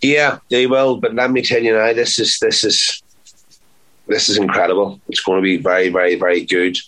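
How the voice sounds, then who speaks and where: A man with a fairly low voice talks casually in an interview as an actor. He is chatty and playful, and he often repeats words to stress a point. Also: little pitch movement, normal speed, a bit bright, low-quality recording.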